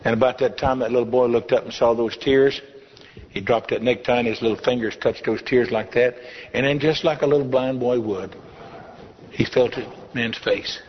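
An older man preaching a testimony sermon in a church, telling his story in a folksy, humorous way. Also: mid-range voice. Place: church hall. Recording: dull lo-fi recording in a reverberant hall.

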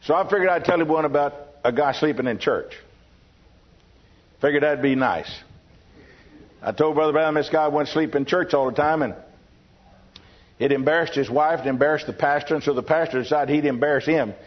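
A man with a Texan accent preaches in a folksy, storytelling way, spinning humorous anecdotes for his congregation. His voice sits a little on the high side. The recording sounds dull and lo-fi, like an old sermon tape. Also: a little fast, pauses often. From Texas.

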